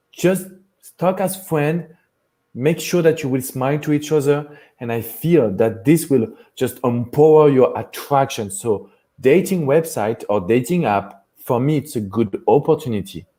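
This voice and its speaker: A man's voice: mid-range voice, warm tone. A man with a French accent, a dating coach talking earnestly in a live chat, often restarting his phrases. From France.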